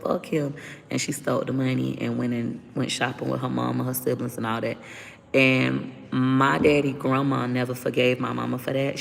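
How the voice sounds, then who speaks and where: A woman speaks as an interview guest, blunt and profane as she airs her story. Her voice is deeply gravelly with constant fry and stays flat in pitch. The room adds a lingering reverb, with faint noise underneath. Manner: blunt and profane, vents openly. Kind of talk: candid personal storytelling.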